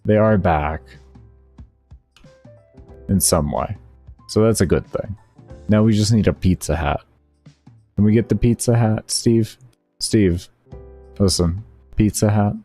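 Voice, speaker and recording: Deep-voiced man chatting with his stream. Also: takes it slowly, pauses often, warm tone. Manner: laid-back, slangy, talking to viewers. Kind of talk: casual chat with live chat. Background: faint background music.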